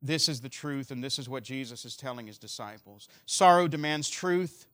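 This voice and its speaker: A man preaching a sermon earnestly, moving between loud emphasis and quiet, slow stresses. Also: medium pitch, lively intonation. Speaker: pastor.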